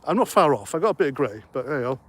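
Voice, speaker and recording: A man's voice: mid-range voice, big pitch swings, rapid-fire, a bit bright, breathy edge. Chatty man livestreaming. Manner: chatty, rambling, jokey asides. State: slightly out of breath. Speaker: livestream host. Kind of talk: casual livestream chat reading comments.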